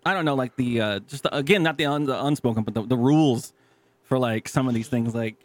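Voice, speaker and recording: Co-hosting a podcast, a thirtysomething man tells foul-mouthed stories, mimics what people said, and laughs a lot. His voice sits at medium pitch, runs slightly quick, and the recording is dry.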